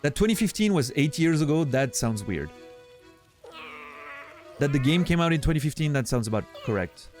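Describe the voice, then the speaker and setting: Excitable laughing male streamer. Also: a little high, moderate pace, long pauses, faint music behind. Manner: excitable, laughing, self-deprecating. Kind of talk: casual gameplay chat.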